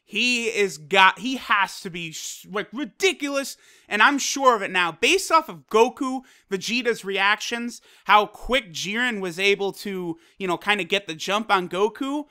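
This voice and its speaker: A man giving an excited, casual, profane review of an anime episode, retelling scenes as a fan. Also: sits high, smooth.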